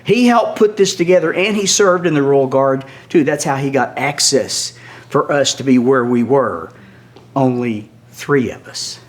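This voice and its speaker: An older man telling a story with lively, animated delivery, often dropping to a hush. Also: medium pitch, unhurried. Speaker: guest storyteller.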